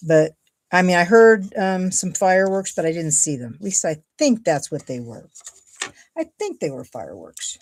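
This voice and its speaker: A woman's voice: fairly low pitch, big pitch swings, normal speed, darkish tone. A woman from Ohio chatting casually and thinking aloud as she makes a paper card. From Ohio, USA. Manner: chatty, thinks aloud while cutting and gluing. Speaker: card-making crafter, host. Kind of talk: casual crafting livestream chat.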